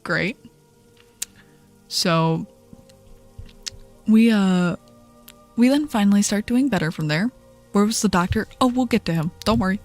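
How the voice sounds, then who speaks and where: A young adult woman streamer telling a story in casual chat, animated and profane, often laughing. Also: medium pitch, measured pace, long pauses, soft background music.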